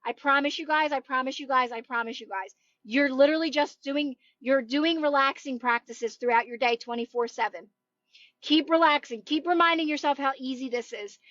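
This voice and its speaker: A woman's voice: high voice, fairly bright tone, no echo, lo-fi sound. A woman manifestation coach chatting on a livestream from home, earnest and encouraging, often repeating herself. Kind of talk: livestream chat.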